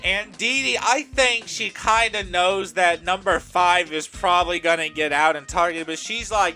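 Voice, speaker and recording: A man's voice: high-pitched, normal speed, hardly any pauses, faint music behind. A man casually narrating a simulated game show in a chatty, storytelling way. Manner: chatty, lively storytelling with fillers.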